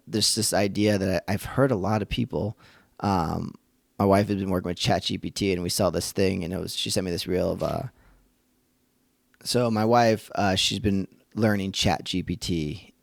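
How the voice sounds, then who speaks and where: A man's voice: sits low, normal speed, gravelly, dry recording, clean studio sound. A man hosting a faith-based parenting podcast, talking earnestly in a conversational, thinking-aloud way. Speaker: podcast host and father.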